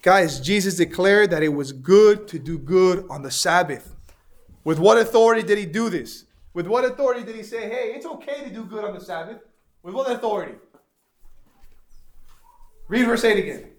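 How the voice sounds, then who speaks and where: A man's voice: high-pitched, expressive, normal speed, pauses often. A man teaching an interactive Bible lesson, asking the class questions and repeating their answers.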